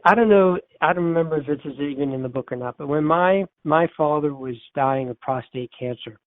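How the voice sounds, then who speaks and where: Over a tinny, dry phone line, an older author and therapist earnestly shares a personal story in an interview, repeating phrases to stress his points. His voice is on the high side, and he talks a little fast, with no echo.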